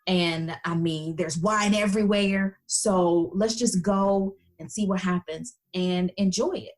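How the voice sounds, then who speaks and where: A woman's voice: lowish voice, fairly even intonation, slow pace. An American woman in an interview, telling stories in a chatty way with many fillers and playful quoted voices. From United States. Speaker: guest. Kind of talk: casual interview chat.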